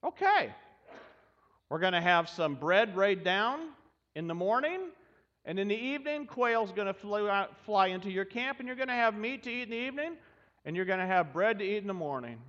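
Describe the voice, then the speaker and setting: A man's voice: sits high, sing-song, normal speed, fairly bright tone. Guy doing chill patient god voice, easygoing, kinda dull recording. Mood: reassuring. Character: calm patient male deity giving kind instructions. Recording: dull sound with long hall reverb.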